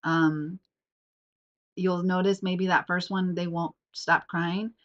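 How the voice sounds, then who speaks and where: A woman in her thirties sits alone and records her podcast herself. Her voice sits a little low. She rambles through fillers and restarts, and her nose is slightly sniffly. The sound is dull and lo-fi, like a home recording. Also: little pitch movement, takes it slowly, fairly bright tone. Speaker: podcast host. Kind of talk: casual reflective monologue. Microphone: self-recorded on camera.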